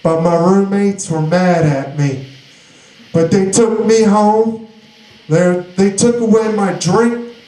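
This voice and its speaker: A young man tells his own story slowly and haltingly, restarting sentences as he goes. His voice is fairly high yet mellow. The recording sits in a noticeably echoey room. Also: slight background noise. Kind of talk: personal recovery story.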